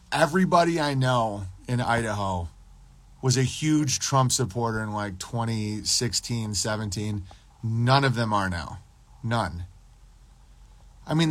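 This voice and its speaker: A man's voice: mid-range voice, no room sound. A man talking loosely and profanely on his podcast livestream, rambling between topics and answering chat messages. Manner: profane, loose, rambling, drops into mocking impressions. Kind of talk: casual rambling livestream monologue.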